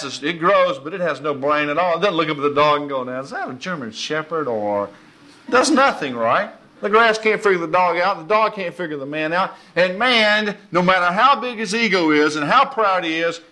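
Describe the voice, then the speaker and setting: Folksy male preacher, slightly high, bright and punchy voice, animated. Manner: folksy, animated, laughs often. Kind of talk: informal sermon.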